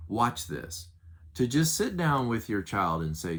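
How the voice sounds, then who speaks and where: A man's voice: medium pitch, sing-song, measured pace, a bit bright. A middle-aged man coaching on handling anger, teaching earnestly and acting out little example conversations. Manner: earnest, emphatic, acts out example dialogues. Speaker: Enneagram relationship coach. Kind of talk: teaching talk to camera.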